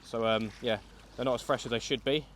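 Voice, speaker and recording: A man's voice: medium pitch, steady tone, fairly quick, fairly bright tone, a little hiss or hum. A young man from England talking viewers through a fishing trip outdoors by a river, chatty and explaining each step. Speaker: angling vlogger. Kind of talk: fishing vlog commentary.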